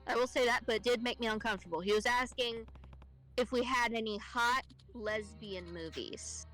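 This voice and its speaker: A woman's voice: a little high, moderate pace, a bit bright, faint music behind, rough recording. A young woman in casual chat, ranting and swearing as she tells stories about her job. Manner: profane ranting storyteller, swears often. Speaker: streamer co-host.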